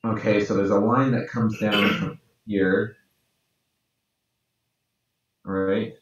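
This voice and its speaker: Deep-voiced guy muttering slowly while he draws, roomy echoey dull podcast audio, sits back from the mic. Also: flat delivery, far from the mic. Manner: mutters to himself while working, low-key. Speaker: podcast co-host. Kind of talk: casual chat while drawing.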